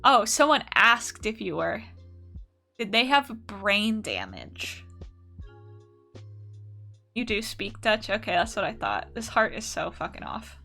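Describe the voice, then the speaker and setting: A young woman from the United States chats loosely with her viewers during a live art stream, swearing freely. Her voice is bright and forward, and her pitch bounces around a lot as she talks. Soft music plays faintly behind her. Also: very animated, slow pace, vocal fry, pauses often. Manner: chatty and profane, answering chat. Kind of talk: casual live-stream chat.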